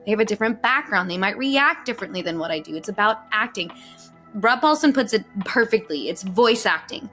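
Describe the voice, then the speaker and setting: A woman's voice: medium pitch, animated, a little fast, pushed and bright, faint music behind. A young woman, a voice actor guest, chatting in a podcast interview, bubbly and laughing often.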